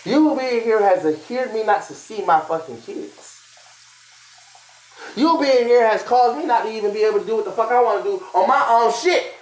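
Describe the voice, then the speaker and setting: A young man arguing angrily and profanely with his partner on a live stream, repeating himself and shouting. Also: sits high, lively intonation, moderate pace. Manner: angry, profane, repetitive shouting. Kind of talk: heated argument on a live stream. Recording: echoey room.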